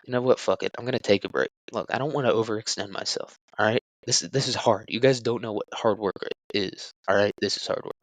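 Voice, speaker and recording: A man's voice: fairly low pitch, fairly even intonation, fast talker, few pauses, no echo, poor audio. A young man hosting a solo podcast, rambling crudely with jokes and lots of fillers. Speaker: podcast host. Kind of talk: casual solo podcast talk.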